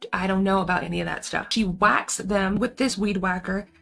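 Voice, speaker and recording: Gravelly chatty woman recapping a movie. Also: medium pitch, steady tone, moderate pace, fairly bright tone. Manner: chatty and slangy, full of asides. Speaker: movie reviewer. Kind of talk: casual film recap.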